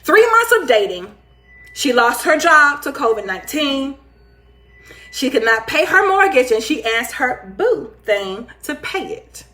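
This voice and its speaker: Her pace measured, the high-voiced host of a casual livestream talk show chats and reads viewer comments aloud. She comes across lively and playful, laughing frequently and teasing the audience. An echo suggests a bare, empty room.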